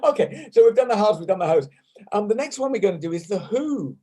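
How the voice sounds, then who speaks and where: A man with an English accent leading an online laughter yoga class over a video call, playful and self-mocking, demonstrating laugh sounds out loud. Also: sits high, very animated, quick pace. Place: home room on a video call.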